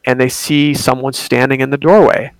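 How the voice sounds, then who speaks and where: A man's voice: medium pitch, level tone, normal speed, clear, resonant tone, no echo. A young man telling a personal ghost story in a casual, rambling way, with many fillers and restarts.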